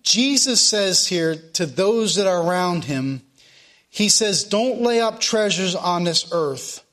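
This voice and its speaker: A man's voice: high voice, animated, slow pace, a bit bright. A pastor giving a sermon to his congregation, reading scripture aloud and driving his points home with repetition.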